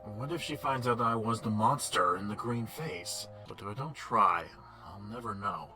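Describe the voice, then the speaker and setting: A man's voice: lowish voice, lively intonation, moderate pace, close to an everyday voice. A man voicing a shy, lovestruck man with a cursed monster face, talking nervously to himself in a game. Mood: anxious. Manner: nervous, hesitant self-talk. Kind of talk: game voice acting. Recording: game music playing loudly behind.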